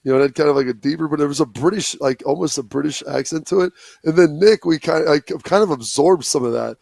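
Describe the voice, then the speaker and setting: Gravelly guy in his 40s telling old stories on a talk show, slightly high voice, dry sound. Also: fast talker. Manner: storytelling, animated, slips into quoted voices. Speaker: former football player, guest. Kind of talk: emotional remembrance on a talk show.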